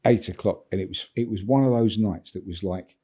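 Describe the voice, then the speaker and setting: An older English man, a football agent appearing as a podcast guest, speaks briskly in a lowish, dark voice. He tells a long, rambling anecdote, repeating words and chuckling along the way.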